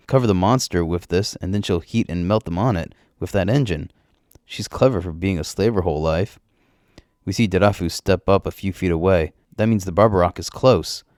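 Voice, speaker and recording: A man narrating a story in the first person, in a plain, steady way. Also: low-pitched, no room sound, studio quality.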